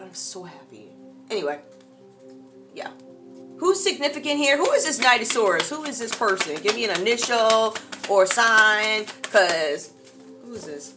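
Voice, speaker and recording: Woman tarot reader, casual and animated, slangy asides, soft music bed underneath. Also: medium pitch. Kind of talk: casual tarot reading monologue.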